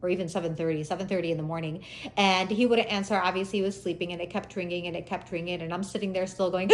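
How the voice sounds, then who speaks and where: A woman in her forties telling a personal story casually, animated, acting out quotes in sudden loud high bursts. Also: fast talker.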